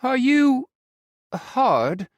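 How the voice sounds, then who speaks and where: A man's voice: sing-song, very slow, no echo, heavily acted. A man voicing a playful, teasing young man in an audiobook, raising his voice for the character. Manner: teasing, lilting and raised in pitch.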